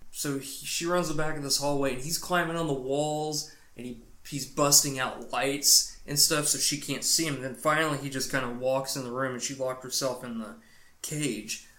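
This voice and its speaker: Dude cussing his way thru a movie recap, mid pitch, echoey room. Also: fairly even intonation, normal speed, pushed and bright. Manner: profane, rambling storytelling. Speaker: podcast co-host. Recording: roomy echo.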